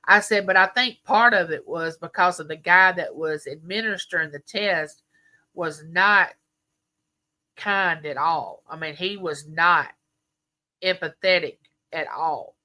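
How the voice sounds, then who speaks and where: A woman's voice: lowish voice, unhurried, bright, forceful tone. A middle-aged woman, chatting with viewers on a livestream and telling stories full of quoted dialogue. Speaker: livestream host. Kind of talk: casual chat with viewers.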